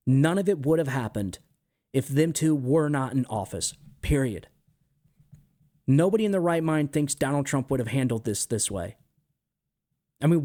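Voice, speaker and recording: A man's voice: medium pitch, a little mellow. A man hosting a political commentary show, talking emphatically and repeating his points. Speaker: show host.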